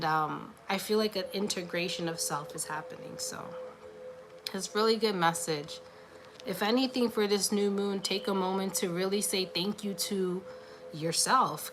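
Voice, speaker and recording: A woman's voice: lowish voice, background noise. A woman giving a casual, encouraging tarot reading on a livestream, chatty and full of filler "like"s. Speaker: tarot card reader.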